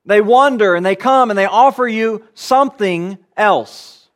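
Male preacher, high voice, earnest expository sermon delivery, emphatic repetition. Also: unhurried. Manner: earnest, emphatic teaching with repeated phrases.

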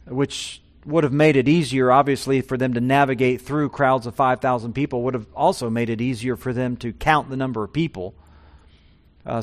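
A man preaching a sermon, his voice swelling loud and high on key points and dropping low and quiet on others. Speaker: pastor.

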